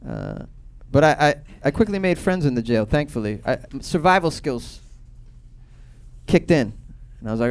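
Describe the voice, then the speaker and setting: A man's voice: a little high, lively intonation, normal speed. Profane stand-up comic in his thirties. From Boston. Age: 30s. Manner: profane, loose storytelling with sudden loud bursts. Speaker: stand-up comedian. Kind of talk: stand-up comedy set.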